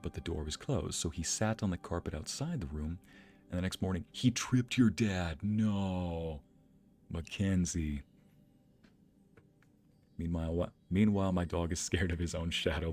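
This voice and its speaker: A young adult man chatting on a live stream in a very deep voice. He tells casual stories with animation and laughs often. Soft music plays faintly in the background. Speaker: streamer and narrator. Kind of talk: casual storytelling chat.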